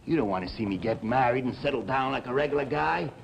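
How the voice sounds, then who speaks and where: An actor playing a rough New bartender who grumbles in slang and mimics others' voices, in a 1960 television drama. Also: male voice, lowish voice, sing-song, moderate pace, darkish tone, a little hiss or hum, rough recording. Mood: defiant. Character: rough bartender, anxious and defensive.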